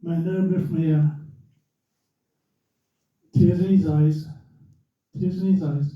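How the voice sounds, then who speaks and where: Taking his time, an older ex-racer tells a story to an audience in a club room, voicing every quote, a commentator among them, with great animation. His rather high voice sits well off the mic, and the dull, lo-fi recording picks up plenty of hall echo.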